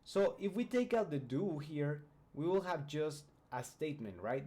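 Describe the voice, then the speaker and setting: A man whose first language is Spanish explains English grammar in a video lesson. His voice is mellow and warm, and he walks through each point patiently. He pauses to check that the viewer is following. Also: on the high side, expressive. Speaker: English teacher.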